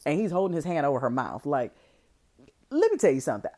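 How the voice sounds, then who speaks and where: A woman hosting a podcast, recapping a movie in a casual, slangy way, full of "like" and lively asides. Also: low voice, fast. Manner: animated, filler-heavy, slangy storytelling. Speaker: podcast host.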